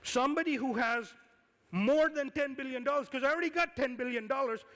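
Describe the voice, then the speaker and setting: A man giving a conference talk as an investor, lively and firing questions at the audience. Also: extremely high pitch, fairly quick. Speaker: conference speaker, angel investor. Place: conference hall. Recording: reverberant hall.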